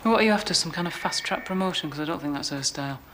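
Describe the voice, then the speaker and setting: Needling police colleague. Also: female voice, low-pitched, rapid-fire, fairly bright tone, slight background noise. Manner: challenging, needling. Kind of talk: TV police drama acting.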